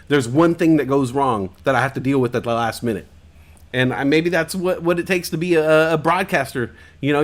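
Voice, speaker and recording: A man hosting a live-stream talk show, chatting casually with rambling jokes and plenty of swearing. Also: fairly high pitch. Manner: rambling, joking, profane. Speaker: host. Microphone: headphones and desk mic at home stream.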